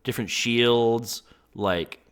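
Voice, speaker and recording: A man interviewing a player in a casual gaming chat, telling stories excitedly and filling his talk with "like". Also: mid-range voice, clean tone. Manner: excitable, fast storytelling with many fillers.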